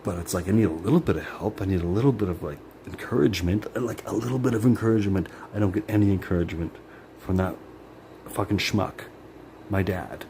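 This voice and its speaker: Deep-voiced man venting in a ramble. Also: fast talker, dark tone, a little hiss or hum. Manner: rambling, profane, many "like" fillers; emotional, bitter. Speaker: vlogger. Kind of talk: personal venting monologue.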